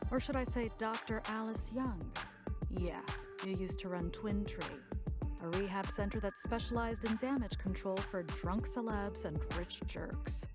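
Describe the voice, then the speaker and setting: Tough, defiant soldier in a game, played by a woman; game music loud underneath. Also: mid-range voice, lightly acted. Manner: defiant, taunting. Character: tough female combat rescue soldier.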